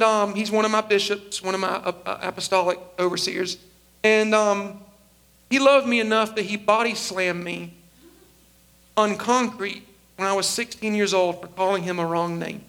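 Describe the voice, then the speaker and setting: A pastor in his forties preaches with a high, bright voice. He tells a personal story and lively acts out the voices of the people in it. His voice stays high and bright throughout. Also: moderate pace, pauses often, smooth. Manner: animated storyteller acting out quoted voices. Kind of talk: sermon storytelling.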